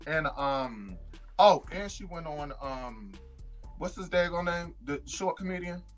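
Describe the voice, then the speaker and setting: A woman's voice: a little slow, soft background music. A woman co-hosting a podcast in casual chat, retelling gossip and acting out quotes in a raised voice. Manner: animated, acts out quotes in a higher voice. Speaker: podcast co-host.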